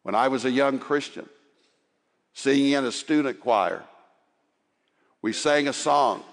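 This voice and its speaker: A man preaching a sermon, swinging from loud, urgent exhortation to soft, hushed passages. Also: medium pitch, measured pace, pauses often. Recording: long hall reverb.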